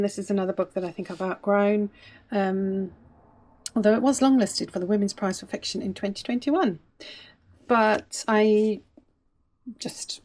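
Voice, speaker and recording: A woman's voice: medium pitch, a little mellow. A woman in her fifties chatting casually to camera as a book vlogger, hesitant with frequent ums, in a small bedroom at home. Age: 50s.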